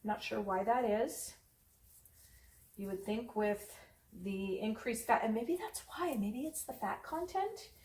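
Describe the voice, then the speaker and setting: A woman's voice: fairly high pitch, lively intonation, slow, a little mellow, recorded from a distance. Chatty woman cooking in an echoey kitchen. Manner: chatty, rambling, many ums. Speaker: cooking channel host. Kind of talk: casual cooking vlog. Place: home kitchen. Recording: echoey room, voice away from mic.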